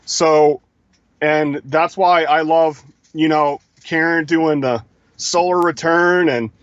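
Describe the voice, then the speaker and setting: A man's voice: fairly high pitch, steady tone, slow pace, lo-fi sound. A man co-hosting a live stream, lecturing emphatically in casual talk. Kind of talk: casual talk-show commentary.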